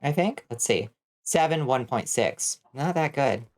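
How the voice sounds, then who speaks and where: A woman's voice: extremely low pitch, expressive, unhurried, darkish tone. An American woman streaming a game, giving casual commentary as she thinks aloud, bemused and swearing freely. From United States. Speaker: vtuber streamer.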